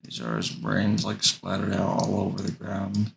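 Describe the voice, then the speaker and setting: Young man, casual rambling vlog talk, hesitant, low gravelly voice. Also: completely flat delivery, moderate pace, fairly bright tone, a little hiss or hum. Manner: rambling, hesitant, full of fillers. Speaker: vlogger.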